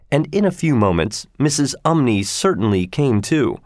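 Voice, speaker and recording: A man narrating a storybook in a measured, even reading voice. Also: on the low side, no room sound, studio quality. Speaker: audiobook narrator.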